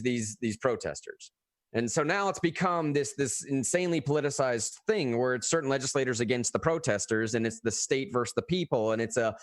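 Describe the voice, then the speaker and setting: A man talking casually about politics as a podcast co-host, animated and often restarting his phrases. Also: mid-range voice, no echo, studio quality.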